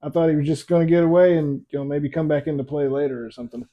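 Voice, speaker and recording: A man's voice: a little high, steady tone, rapid-fire, dull audio. A man chatting casually as co-host, laid-back with dry humor. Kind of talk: casual chat.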